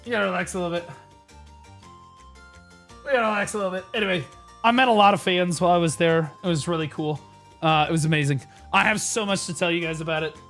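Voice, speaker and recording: A man chatting casually on a live stream, in a bright, forceful voice. He rambles and restarts his sentences, then breaks out into excited shouting. Faint music plays behind him. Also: high voice, fast talker, vocal fry, pauses often. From United States.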